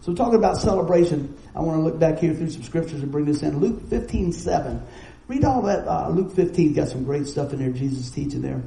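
High-voiced preacher, dark and folksy. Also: male voice, creaky, echoey room, low-quality recording. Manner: folksy storytelling, animated, quick asides. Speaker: pastor. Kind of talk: sermon.

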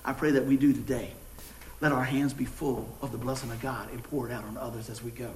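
A middle-aged pastor, preaching a sermon with jokes and folksy storytelling. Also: male voice, medium pitch, brisk, a little hiss or hum. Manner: folksy, joking, animated storytelling. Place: church sanctuary. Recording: echoey church room.

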